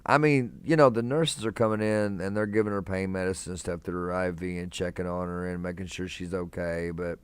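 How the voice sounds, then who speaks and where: A young man with a low, smooth voice chats easily on a live stream from a hospital room. He talks in a relaxed, friendly way, reading out viewers' names and calling them brother. The sound is close and dry, with no room echo. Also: fairly quick, few pauses. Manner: laid-back, calls viewers man and brother, reads chat aloud.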